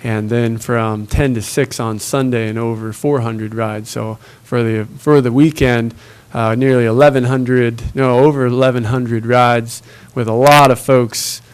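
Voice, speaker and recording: A man on transit staff giving a halting report at a public meeting, with many filler sounds. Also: mid-range voice, steady tone, smooth.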